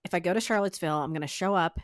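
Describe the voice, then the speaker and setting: A woman co-hosting a podcast in casual chat, playful and quick to laugh. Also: on the low side, no echo, clean studio sound. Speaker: podcast co-host.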